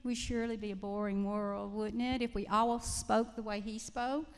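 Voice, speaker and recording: A middle-aged woman with a Southern Georgia accent, a writer on a panel, telling stories in a chatty way with halting restarts. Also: mid-range voice, flat delivery, smooth. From South Central Georgia. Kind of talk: panel discussion. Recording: reverberant lecture hall.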